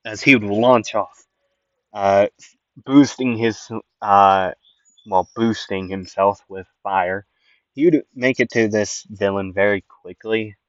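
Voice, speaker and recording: A man's voice: fairly low pitch, takes it slowly, no echo, muffled recording. A man casually improvising a fan story, rambling with lots of fillers.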